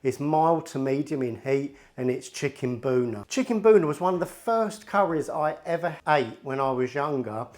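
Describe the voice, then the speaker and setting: A man's voice: fairly high pitch, animated, normal speed, hardly any pauses, a little mellow. A man hosting a home cooking video, chatting casually and joking to the camera. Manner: chatty, jokey, talks to camera in asides. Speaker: cooking channel host. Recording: music playing underneath.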